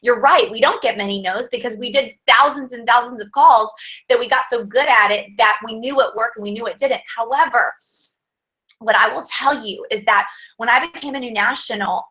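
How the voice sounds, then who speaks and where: A woman giving a chatty, energetic motivational coaching talk to her sales team. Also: on the high side, rough recording. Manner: energetic, chatty, peppered with fillers.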